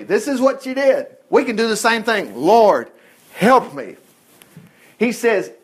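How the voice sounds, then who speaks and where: Animated, folksy preacher man. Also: high voice, husky. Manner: folksy, animated, laughs often, acts out quotes. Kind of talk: sermon.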